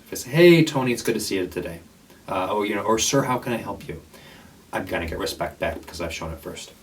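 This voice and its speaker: A man's voice: sits low, distant mic, slight background noise, rough recording. A man who works at a homeless shelter, giving a casual, earnest training talk to librarians with many fillers and restarts.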